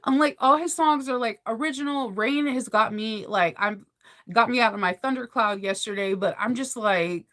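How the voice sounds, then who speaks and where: Animated, gushing woman chatting casually. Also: a little high, normal speed. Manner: animated, gushing, laughs often. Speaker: vlogger. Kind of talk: casual chat to camera.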